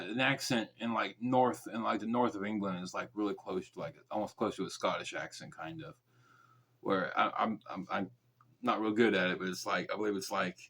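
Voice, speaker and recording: A man hosting a true crime podcast, reading the case aloud and breaking off into casual, joking side comments. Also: mid-range voice. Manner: reads facts briskly, then drops into mumbled, joking side comments.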